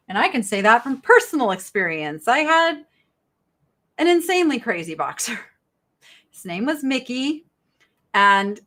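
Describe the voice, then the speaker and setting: Bubbly woman with a lively pitch. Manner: chatty, bubbly, reads viewer chat aloud. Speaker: live sale host. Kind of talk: live-stream sales chat.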